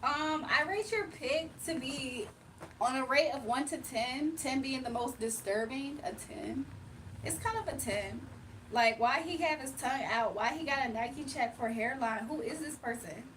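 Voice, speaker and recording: Woman livestream host from Virginia, high voice, relaxed banter with chat, slightly distant mic. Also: measured pace, slight background noise. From Virginia, USA. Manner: chatty, laughs often, reads chat aloud. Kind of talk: casual livestream chat reading comments.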